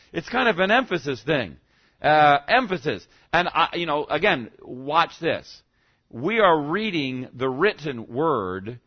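Male pastor, slightly high voice, conversational teaching sermon with emphatic punches on key words; dull lo-fi recording. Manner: conversational teaching, frequent "okay?" checks with the congregation.

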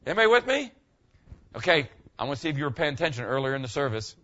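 A pastor in his sixties preaching a conversational sermon, checking in with the congregation and swinging from quiet talk to loud exclamations. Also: high-pitched, sing-song, quick pace, highs cut off. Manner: conversational, keeps asking the congregation "okay?", swings from quiet to shouting. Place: church.

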